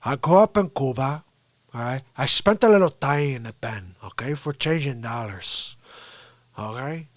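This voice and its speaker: A man putting on a swaggering middle-aged Cuban gangster with a Cuban Spanish accent, gruff and insistent. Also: medium pitch, lively intonation, moderate pace, no echo, voice pushed down, natural voice. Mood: defiant. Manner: gruff, insistent "okay?" tags.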